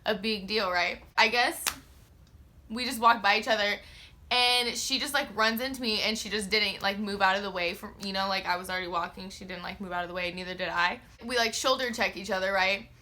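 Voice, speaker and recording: A woman's voice: medium pitch, brisk, slight background noise. A young woman vlogger telling a casual storytime, slangy and profane, with lots of filler words and acted-out quotes. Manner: expressive, acts out her own quotes.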